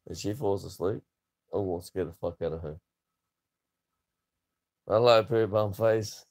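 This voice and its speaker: A man's voice: sits low, measured pace, a little mellow. A man in his thirties, chatting casually to camera in a rambling way, swearing freely. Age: 30s. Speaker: vlogger.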